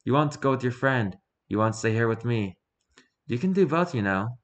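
A man reading the lines of a gentle father figure in a spoken story, reassuring and tender. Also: medium pitch, lively intonation, fairly quick, close to an everyday voice.

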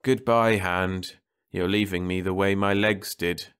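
A man's voice: low-pitched, steady tone, unhurried, a bit bright, clean tone. A man voicing a stubborn dying old spaceman who talks with sardonic defiance from his bed. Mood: wry.

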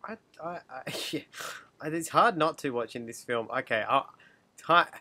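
A man's voice: medium pitch, moderate pace, sharp tone. A man co-hosting a film podcast, making dry wisecracks. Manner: dry, wry humor. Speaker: podcast co-host. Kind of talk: casual film review chat.

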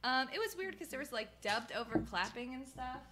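A woman's voice: sits high, animated, fairly quick, noisy background. A young woman co-hosting a podcast, chatting casually and rambling, full of "like" and frequent laughs. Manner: rambling, heavy use of "like", laughs often. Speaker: podcast co-host. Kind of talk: casual wrestling chat.

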